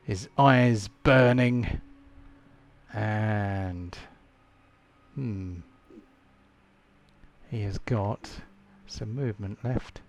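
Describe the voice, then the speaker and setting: Slow, gravelly-voiced male game master. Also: on the low side. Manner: halting, thinks aloud with fillers. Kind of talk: narrating a tabletop game.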